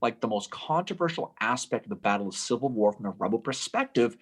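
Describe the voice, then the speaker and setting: A man co-hosting a podcast, telling war history in an animated, casual way with swearing and quick asides. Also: mid-range voice, husky. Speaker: podcast co-host.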